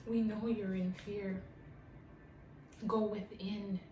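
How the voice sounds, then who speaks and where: A woman's voice: medium pitch, level tone, takes it slowly, noisy background. Emotional woman giving a spiritual reading. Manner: emotional, heartfelt. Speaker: tarot reader. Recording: roomy, distant mic with faint ambience.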